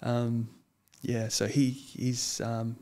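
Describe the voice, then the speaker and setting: A young man, a guest chatting casually in an interview, earnest and hesitant, often pausing with ums. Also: mid-range voice, monotone, dark tone. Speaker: guest, lawyer and wrestler.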